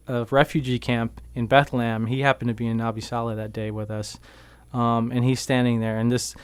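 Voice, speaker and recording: A man who is a veteran activist, casually retelling events in a radio interview, with many fillers and animated bursts. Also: mid-range voice, clear, resonant tone, no echo. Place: radio studio.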